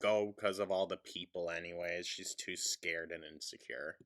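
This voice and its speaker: A man's voice: deep voice, fairly even intonation, normal speed, fairly bright tone. A man hosting a mocking reaction commentary, sarcastic and snarky, often breaking into laughter. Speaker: commentary host.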